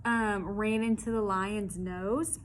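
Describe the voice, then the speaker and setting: A woman's voice: medium pitch, fairly even intonation, slow pace. A woman teacher summarizing a story for her class, explaining patiently with frequent hesitations.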